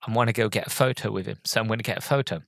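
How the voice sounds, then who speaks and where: A man's voice: fairly low pitch, very fast, gravelly, a bit bright, no echo. A man hosting a podcast, telling a story in a rambling, hesitant way with many ums and restarts, earnest and openly emotional as a fan. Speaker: podcast host. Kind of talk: casual storytelling review.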